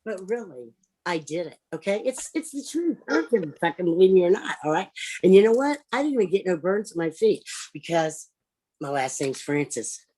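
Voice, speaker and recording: A woman doing improvised stand-up on a livestream, brash and profane, swinging from loud outbursts to low mutters. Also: very animated, brisk, slightly rough. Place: home, over a livestream.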